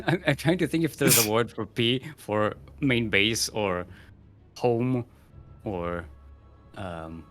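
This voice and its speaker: A man's voice: mid-range voice, slow pace, long pauses, a bit bright, faint music behind. A man co-casting a live strategy game match in a laid-back, dry and teasing way. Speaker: esports caster.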